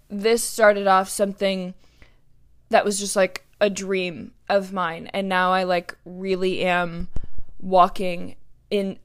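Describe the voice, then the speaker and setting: A woman's voice: mid-range voice, smooth. Chatty young woman podcaster. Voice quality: chatty, many fillers and restarts. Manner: earnest, emotional, upbeat. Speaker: podcast host. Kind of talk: casual solo podcast chat.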